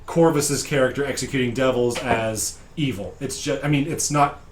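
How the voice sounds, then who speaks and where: A deep-voiced man talks through a tabletop session recap in a loose, digressive way. He laughs easily and keeps the tone casual. His voice rings in a roomy, echoey space. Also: fairly even intonation, normal speed, slight background noise. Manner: chatty, digressive, laughs often. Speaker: game master recapping a session.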